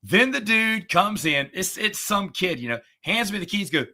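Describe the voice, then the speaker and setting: A middle-aged man in casual chat, a podcast host who talks in a sarcastic, chatty way and gets animated when retelling a story. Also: high-pitched, normal speed, few pauses.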